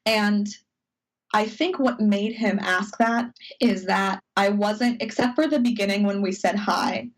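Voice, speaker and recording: Woman telling a story quickly. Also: mid-range voice, low-quality recording. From United States. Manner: animated, quick, emotional telling with quoted inner voices. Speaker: podcast cohost. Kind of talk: casual storytelling chat. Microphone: video call.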